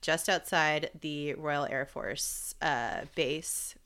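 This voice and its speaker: A woman's voice: deep voice, extremely slow, bright, forceful tone, smooth. A woman co-hosting a casual podcast, walking through a story and stumbling over names with easy laughs. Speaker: podcast co-host.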